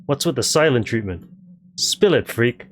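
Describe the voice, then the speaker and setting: A man's voice: medium pitch, expressive, moderate pace, a little hiss or hum, lightly acted. A man voicing an aggressive young bully who swears and threatens while looking for his missing girlfriend.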